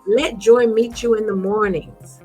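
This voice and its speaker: A woman hosting an inspirational talk, speaking gently and encouragingly straight to her listeners. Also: medium pitch, fairly even intonation, a little slow, soft background music. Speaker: host.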